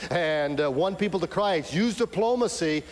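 A man's voice: a little high, moderate pace. A man preaching a sermon, telling stories animatedly and acting out the voices of the people in them. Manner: animated storytelling with acted-out voices and shouts. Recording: echoey hall with faint hum.

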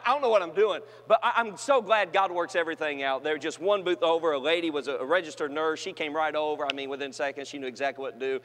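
A man preaching to young people, telling funny stories and swinging from shouted peaks to quiet asides. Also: a little high. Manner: humorous storytelling with shouted climaxes and quiet asides. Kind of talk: sermon to a youth gathering. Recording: long hall reverb.

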